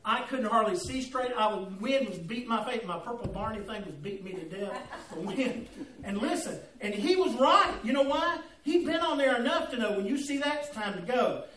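A man with a notably high voice gives a folksy, humorous sermon story, calling on people in the pews by name. His voice rings through a reverberant sanctuary and sounds set back from the microphone, with a faint hum of room ambience behind him. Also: lively intonation, normal speed, hardly any pauses, a bit bright, recorded from a distance. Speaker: preacher. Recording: echoey room, voice off-mic.

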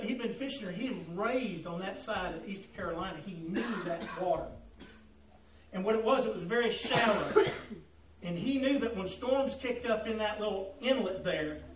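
A man's voice: sits high, recorded from a distance, a little hiss or hum. A man preaching, telling a folksy, humorous story and calling on listeners by name. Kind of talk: storytelling sermon. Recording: echoey room, voice off-mic.

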